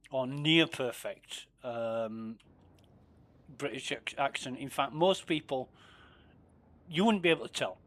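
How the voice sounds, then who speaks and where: A man's voice: mid-range voice, a bit bright. A man streaming a space game, chatting casually, swearing freely and muttering asides under his breath. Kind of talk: casual gameplay commentary.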